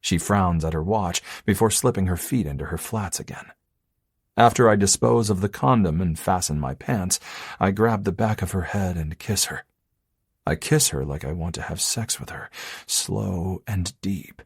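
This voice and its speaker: A man reads a first-person romance audiobook in a very deep, husky voice. His delivery is low, intimate and measured. The recording is close and dry. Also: no echo. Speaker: audiobook narrator.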